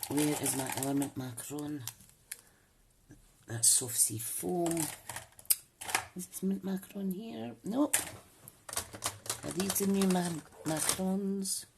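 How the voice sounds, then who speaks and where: A woman with a notably low voice hosts a casual crafting stream. She rambles and thinks aloud while she works, greets viewers by name, and faint hiss sits under her voice. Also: slow pace, gravelly, pauses often. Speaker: crafting channel host. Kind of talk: casual live crafting demo.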